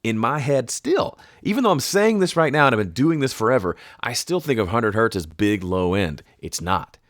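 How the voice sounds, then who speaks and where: A man's voice: mid-range voice, lively intonation, normal speed, no room sound. A man teaching audio mixing at a home studio in a chatty, casual tutorial, sidetracking and correcting himself. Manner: chatty, self-correcting, explains with sung hoots. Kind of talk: casual screen-share tutorial.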